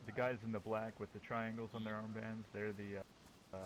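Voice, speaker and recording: A man with a lowish voice talks fast and teases in voice chat. A faint noise runs under him. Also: level tone. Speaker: roleplayer playing Rory Burley. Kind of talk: voice chat roleplay.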